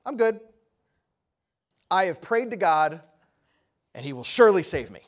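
A preacher acting out a stubborn devout man who keeps turning down help with calm, firm refusals. The voice sits a little high and rises sharply on each refusal. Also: a little slow.

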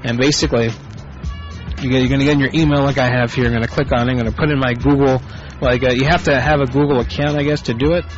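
A man's voice: mid-range voice, fairly even intonation, fast. Man, prank call show host, foul-mouthed, rambling, muffled lo-fi sound, music underneath. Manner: profane, rambling, off-the-cuff. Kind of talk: casual live show banter. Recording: muffled lo-fi internet radio.

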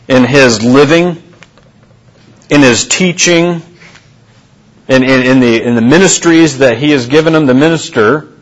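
In church, a pastor with a medium-pitched voice delivers an earnest sermon to his congregation, frequently repeating and restarting phrases and posing questions. The audio is poor.

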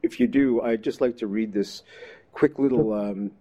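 A man's voice: lowish voice, normal speed, warm tone, dull audio. A man hosting an interview, speaking to his audience as folks and reading a short passage aloud. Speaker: interview host. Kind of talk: talk show interview, reading to listeners.

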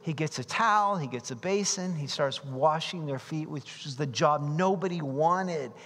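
High-voiced preacher in an echoing hall. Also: male voice, moderate pace. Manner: animated, acts out voices and shouts for emphasis. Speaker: pastor. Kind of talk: expository sermon. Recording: long reverb of a large hall.

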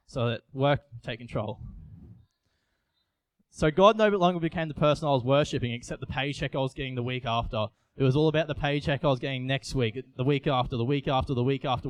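A man's voice: mid-range voice, fast talker, no room sound. A young man, giving an earnest, confessional sermon with frequent restarts. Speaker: youth preacher. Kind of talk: personal sermon.

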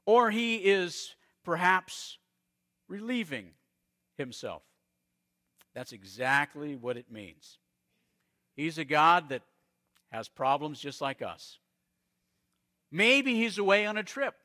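Bright slightly high voiced pastor guy from arizona, storytelling sermon, drops quiet then booms. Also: animated. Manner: storytelling preacher, dramatic pauses and swings in loudness.

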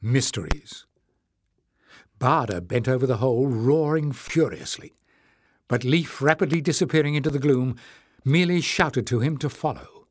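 A man narrates an audiobook in a measured, expressive manner. His pitch sits in a medium range. The recording is dry and close, with no room echo. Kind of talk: scripted narration.

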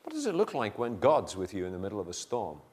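An older man preaching a sermon, moving between quiet asides and loud, dramatic retellings. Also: fairly low pitch, wildly swooping pitch, quick pace.

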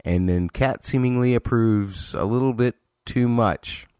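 A man's voice: medium pitch, measured pace, a little mellow, clear, resonant tone, no room sound, clean studio sound. A man hosting a podcast, casually reviewing a TV episode in a chatty way, with frequent restarts and exasperated asides. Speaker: podcast host.

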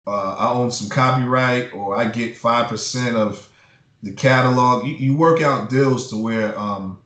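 A man's voice: medium pitch, measured pace, a bit bright. A man who works as a music publisher, giving blunt, profane advice in a casual interview and ranting with heat. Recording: roomy echo.

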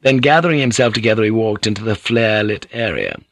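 A man with a fairly low voice reads an audiobook, measured and even in his storytelling. The sound is dry and close, with no room around it. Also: no room sound. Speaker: audiobook narrator. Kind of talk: scripted narration.

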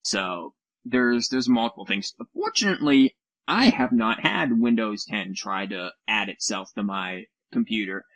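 A man's voice: lowish voice, lively intonation, unhurried, a bit bright, dry recording, rough recording. A man co-hosting a casual chat over a voice call, sarcastic and mocking, swearing now and then. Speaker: podcast co-host. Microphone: computer mic on a voice call.

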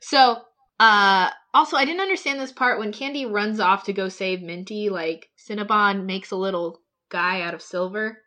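A woman's voice: mid-range voice, normal speed, sharp tone. Chatty woman recapping an episode. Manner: chatty, lots of "like" and laughs.

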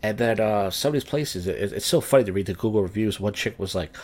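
A man's voice: lowish voice, fast talker, a little mellow. A drunk middle-aged man and comedian hosting his podcast, telling crude wandering stories with slurred speech. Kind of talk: rambling casual podcast monologue.

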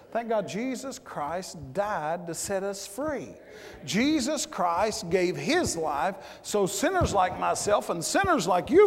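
Fired-up preacher guy, kinda high voice, big echoey church hall. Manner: repeats words, shouts in bursts. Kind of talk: fiery sermon. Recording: church hall with long reverb.

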